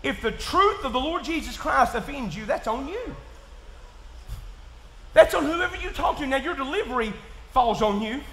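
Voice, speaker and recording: A man with a Kentucky accent preaching in church, folksy and plain-spoken, dropping to quiet asides and rising to shouts. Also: extremely high pitch, expressive, moderate pace, pauses often, slight background noise. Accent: Southern US, Kentucky. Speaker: pastor. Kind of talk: sermon. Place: church sanctuary. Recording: echoey church room.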